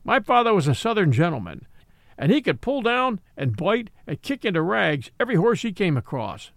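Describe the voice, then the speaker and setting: A man's voice: high voice, big pitch swings, normal speed, vocal fry, no echo, full character voice. A man voicing a cocky, quarrelsome army mule who talks in a blustering, indignant way.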